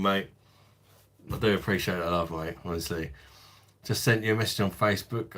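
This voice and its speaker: Host: blunt man, casual live chat, lowish voice, laughs freely. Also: a bit bright. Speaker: livestream host.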